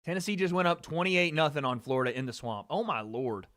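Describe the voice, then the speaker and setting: A man's voice: on the high side, quick pace, no echo, studio quality. Chatty, swearing young male livestream host. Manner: chatty, excitable, swears freely. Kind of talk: casual live fight-watching commentary.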